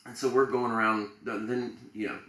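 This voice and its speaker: A man's voice: medium pitch, flat delivery, brisk, bright, forceful tone, roomy sound, slight background noise, poor audio. A man co-hosting a podcast, telling a story in a rambling, jokey way with plenty of fillers. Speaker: podcast co-host. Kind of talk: casual chat.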